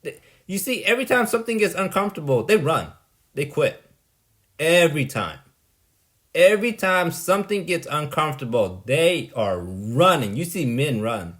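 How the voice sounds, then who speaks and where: A man's voice: a little high, sing-song, normal speed, a bit bright. A man delivering a rambling, blunt monologue, dismissive and exasperated, often tagging "right?" onto his points. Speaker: vlogger.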